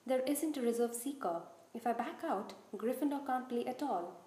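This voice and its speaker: A woman's voice: on the high side, expressive, moderate pace, reverberant, close to an everyday voice. A woman voicing an earnest young teenage boy. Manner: earnest, hushed at times.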